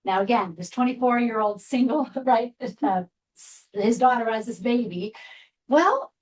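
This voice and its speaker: Woman, 50s, from Seattle, guest speaker, candid storyteller, slightly higher voice. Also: lively intonation, unhurried, poor audio. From Seattle, USA. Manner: candid, chatty storyteller with frequent asides. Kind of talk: personal storytelling talk to a group.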